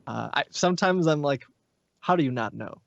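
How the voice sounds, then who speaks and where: A man's voice: fairly high pitch, lively intonation, moderate pace, creaky, no echo, dull audio. A man, a podcast guest, explaining things at length in long, rambling stories during a casual chat.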